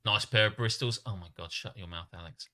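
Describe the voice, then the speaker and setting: A man from England co-hosting a casual chat, telling stories with lots of laughter. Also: brisk. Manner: animated storyteller, often laughing, jumps into high mock voices. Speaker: podcast co-host.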